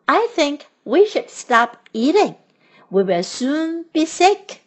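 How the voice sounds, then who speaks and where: A woman's voice: sits high, sing-song, slow pace, pitched above the performer's own voice, exaggerated voice. A woman voicing a sensible male frog who explains things patiently, in a children's storybook reading. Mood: earnest.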